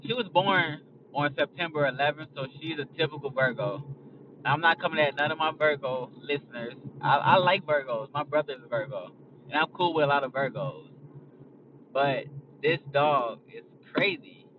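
A man's voice: a little high, far from the mic, dull audio, noisy background. A young man talking casually as a podcast host, blunt and profane, rambling from a moving car. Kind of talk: casual chat. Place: in a car on a highway.

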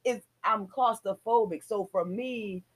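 A woman co-hosting a casual chat, telling an animated story and swearing freely. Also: medium pitch, unhurried, husky. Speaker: podcast co-host.

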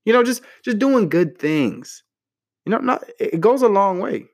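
A young man casually giving relationship advice to the camera in a playful, slangy way, jumping up in pitch for mock outrage. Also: lively intonation, moderate pace, vocal fry.

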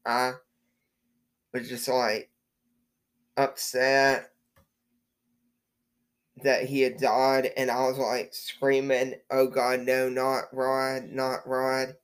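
A man hosts a casual podcast in a mid-pitched voice. He talks slowly and loosely, circling back on his words and filling the gaps with ums and likes. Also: monotone, smooth. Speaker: podcast host.

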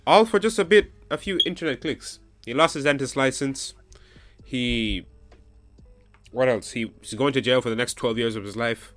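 A man's voice: medium pitch, moderate pace, a bit bright. A man hosting a casual podcast chat, reading out a news story and insisting his friends listen. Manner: reads news articles aloud to friends. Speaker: podcast host.

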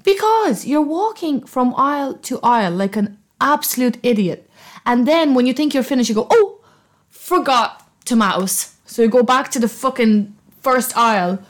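Young woman, podcast co-host, casual and animated, higher voice with lively swings. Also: normal speed. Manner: animated, laughing, acts out others in loud high voices. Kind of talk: casual chat.

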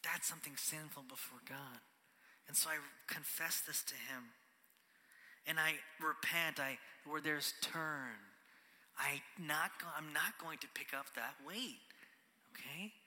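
A man's voice: fairly high pitch, a little slow, bright, forceful tone. A pastor in his thirties giving a conversational sermon, checking in with "right?" and dropping to a whisper for emphasis. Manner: conversational preaching, often ends on "right?", drops to a whisper for emphasis. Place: large church hall. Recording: church hall with long reverb.

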